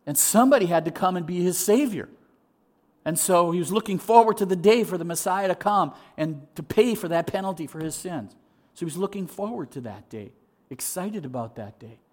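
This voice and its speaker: A male pastor preaching a sermon in an animated way, acting out voices and repeating words as he restarts. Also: high-pitched, brisk.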